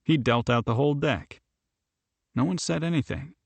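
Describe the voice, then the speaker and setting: Gravelly male audiobook narrator. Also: medium pitch, no room sound. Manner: even, measured storytelling. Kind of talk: scripted narration.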